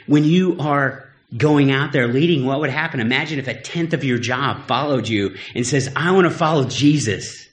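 A man's voice: medium pitch, normal speed, echoey room. A middle-aged man, a pastor, preaching a sermon in a candid, conversational way and telling personal stories.

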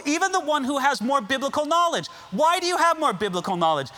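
A man's voice: high voice, sharp tone. A man preaching a sermon, emphatic and full of rhetorical questions. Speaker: pastor.

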